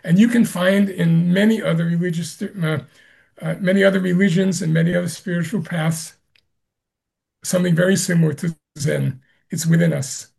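A man, a Zen master, answering an interview question with slow, gentle storytelling and soft laughs. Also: high voice, steady tone, creaky, slightly rough.

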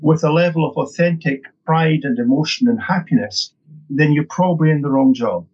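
A husky, slightly high-pitched middle-aged man tells his story as an interview guest, upbeat and emphatic, often repeating himself. The sound is dull and lo-fi. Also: a little fast, a little mellow. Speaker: guest, training consultant.

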